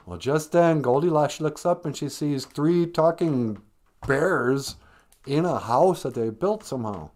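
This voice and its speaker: A man's voice: fairly high pitch, moderate pace, a little mellow. A man hosting a podcast, telling a story in a jokey, rambling way with sing-song asides. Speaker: podcast host. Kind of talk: comedic storytelling.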